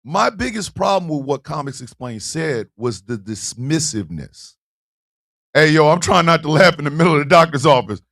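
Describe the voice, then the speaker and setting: A man hosting a livestream, chatting casually with his audience in loud, animated, profane banter with frequent laughter. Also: a little high, moderate pace, gravelly. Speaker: livestream show host. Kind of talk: casual livestream talk, reacting to chat.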